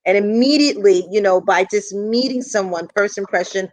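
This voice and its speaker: A woman's voice: mid-range voice, moderate pace, dry recording. A woman, a guest in a casual chat, talking agreeably with many "I mean" and "you know" fillers.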